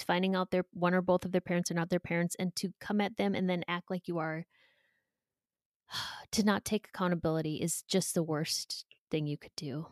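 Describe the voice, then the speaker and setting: A woman's voice: fairly low pitch, darkish tone, no echo, studio quality. Candid woman in her forties. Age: 40s. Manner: emotional and candid, with pauses and restarts. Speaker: podcast guest. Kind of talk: candid interview talk.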